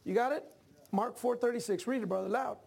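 High-pitched guy preaching a sermon, gets loud and animated, talks to the crowd casually. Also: brisk, vocal fry. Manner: animated preaching that climbs to shouts; conversational asides to the congregation. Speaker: pastor.

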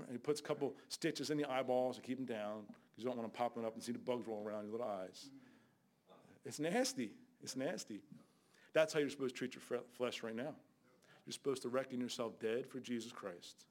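An older man preaching a fiery Bible sermon as a guest preacher, scolding loudly and then dropping to low asides. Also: steady tone, brisk. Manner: loud, scolding, shifts between shouting and low asides.

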